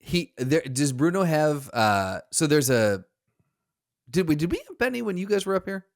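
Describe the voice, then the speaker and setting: A man's voice: on the high side, very animated, normal speed. A man co-hosting a casual podcast, rambling through his stories with restarts and chuckles. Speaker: podcast co-host. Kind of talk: casual chat.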